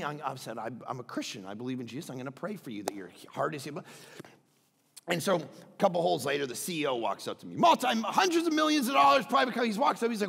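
A man's voice: sits high, creaky, husky, in a large hall. A man preaching a sermon as pastor, telling a story animatedly and acting out the dialogue. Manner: animated, acts out dialogue in quick bursts. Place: large church hall.

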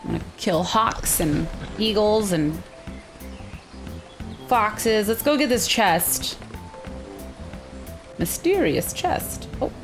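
A woman's voice: medium pitch, animated, slow pace, long pauses, music in the background. A woman hosting a let's-play game video, narrating her own moves and squealing at every surprise. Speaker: gaming channel host.

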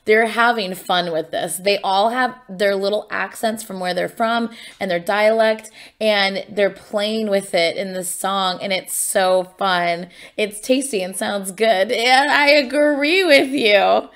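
Woman doing a music reaction vid, slow chatty fan talk, lots of vocal fry. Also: mid-range voice. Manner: chatty, excitable fan muttering to herself. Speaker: reaction video host. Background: faint music from the song being reacted to.

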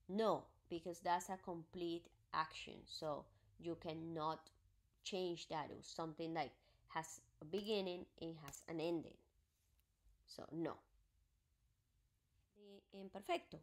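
A woman's voice: lowish voice, unhurried. A woman teaching a recorded grammar lesson, explaining patiently step by step and working through examples. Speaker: Spanish teacher.

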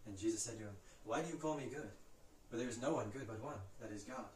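A man reciting Bible passages from memory in a brisk, steady way, lifting his voice for the quoted cries. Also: mid-range voice, echoey room, far from the mic, a little hiss or hum, rough recording. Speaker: Scripture reciter.

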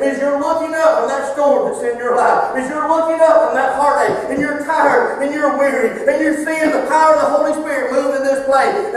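A man preaching a sermon in a fervent, repetitive cadence. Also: extremely high pitch. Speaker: pastor. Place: church sanctuary. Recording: echoey church hall from far off.

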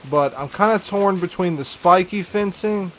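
There's a little hiss or hum under this young man's high voice, which moves at a moderate pace. Playing a game live, the streamer reads messages from viewers and chats back casually, upbeat and full of slang.

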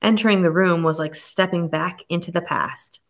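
Reading from a suspense novel, this low-voiced woman narrates an audiobook from a script. She keeps her pace unhurried and her tone even, steady and measured.

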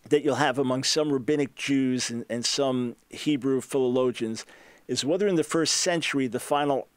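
A man's voice: medium pitch, no room sound. Emphatic man explaining scholarship, dry sound. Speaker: radio talk show host. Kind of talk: answering a listener's question.

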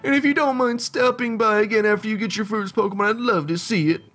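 A man voicing a doting, emotional old aunt in a video game, using a high, quavering old-lady voice. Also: quick pace, a bit bright, faint music behind. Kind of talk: voicing game dialogue aloud.

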